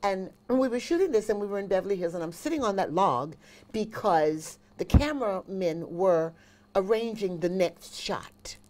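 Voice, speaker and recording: A woman's voice: mid-range voice, moderate pace. A woman, a singer and vocal coach, chatting as an interview guest and telling stories with emphatic repetition. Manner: animated storyteller, emphatic repetition.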